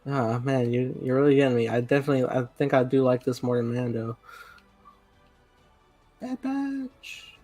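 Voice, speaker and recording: Laid-back, jokey podcast host. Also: male voice, medium pitch, flat delivery, quick pace, hardly any pauses, a little mellow, faint music behind. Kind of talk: casual chat.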